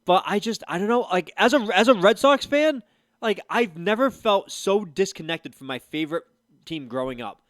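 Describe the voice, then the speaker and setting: Young male co-host: animated storyteller, bouncy and fairly high voice. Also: moderate pace, dry recording, studio quality. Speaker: podcast co-host. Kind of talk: casual sports podcast chat.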